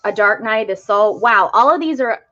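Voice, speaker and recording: A woman's voice: mid-range voice, lively intonation, brisk, lo-fi sound, over music. A young woman giving live tarot readings, talking casually with many fillers about spiritual topics. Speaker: tarot reader.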